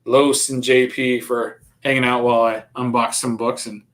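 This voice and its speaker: A man hosting a casual live stream, chatting in a relaxed, rambling way with lots of fillers. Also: mid-range voice, moderate pace. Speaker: channel host.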